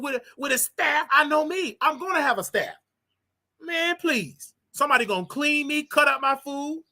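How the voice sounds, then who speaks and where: Bright-voiced man ranting on a livestream. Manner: animated, preachy, jokey, with wild swings in pitch and volume. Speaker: host. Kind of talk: solo livestream rant.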